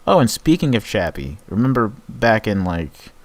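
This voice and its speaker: A man's voice: fairly low pitch, big pitch swings, normal speed, no room sound. A man hosting a casual podcast chat, rambling, sarcastic and swearing a lot. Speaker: podcast host.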